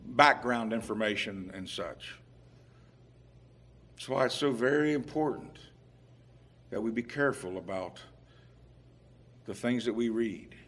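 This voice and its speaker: A male preacher giving a sermon in a middle-range voice. He speaks at an unhurried pace and presses hard on his main points, getting louder as he stresses them. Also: mid-range voice, husky. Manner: emphatic, rising in volume on scripture quotes; unhurried, with fillers and restarts.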